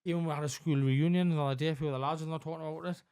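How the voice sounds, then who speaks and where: A man in his forties talking candidly as a podcast guest, halting with lots of fillers and frequent swearing. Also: a little high, steady tone, a little mellow, clean tone, no room sound, clean studio sound. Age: 40s. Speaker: podcast guest in addiction recovery. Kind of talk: candid conversational interview.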